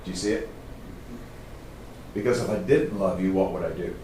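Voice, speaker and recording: A middle-aged man telling stories to a live audience as a trainer, in a casual, animated way. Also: low-pitched, moderate pace, a little hiss or hum. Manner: casual, animated storytelling, says "man" often. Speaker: trainer speaking to a group. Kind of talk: storytelling talk to a live audience. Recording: roomy, distant mic.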